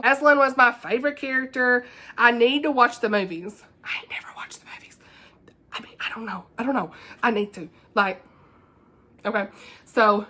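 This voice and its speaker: Bright, chatty woman book vlogger. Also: fairly high pitch. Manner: chatty, gushing, giggly asides. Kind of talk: casual book review chat.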